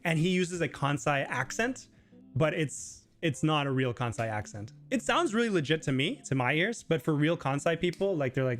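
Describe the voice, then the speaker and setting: Hosting a live Q&A stream at normal speed, a chatty man speaks in an animated voice that sits a little above most men's. He rambles loosely, using lots of fillers, and sometimes pitches up high to mimic others. Faint music plays behind him.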